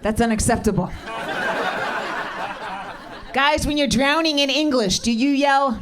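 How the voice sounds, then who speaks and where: Deadpan middle-aged woman comic, rowdy club. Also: sits high, a little slow, long pauses. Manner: deadpan, sardonic, profane. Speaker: stand-up comedian. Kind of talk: stand-up comedy with crowd work. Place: comedy club stage. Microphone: handheld stage mic. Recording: live club recording with crowd. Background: laughing audience.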